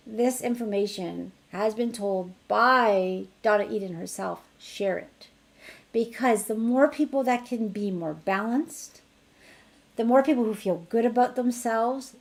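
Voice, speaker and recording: A middle-aged woman teaching an energy healing technique in a chatty online class, her voice rising brightly when she acts out what she tells others. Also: fairly high pitch, a little slow, gravelly. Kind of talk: casual online teaching demonstration.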